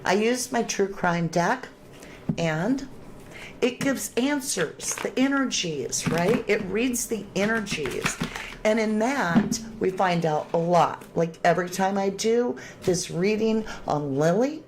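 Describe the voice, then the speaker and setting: A woman's voice: medium pitch, lively intonation, takes it slowly, a little hiss or hum. A woman hosting a true crime livestream, reading viewer comments aloud and chatting casually, thanking viewers with endearments.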